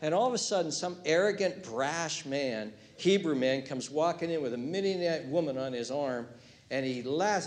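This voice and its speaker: High-voiced animated man preaching. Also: normal speed. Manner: animated, acts out quotes in shifting voices, swings from hushed to loud. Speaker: pastor. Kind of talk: sermon.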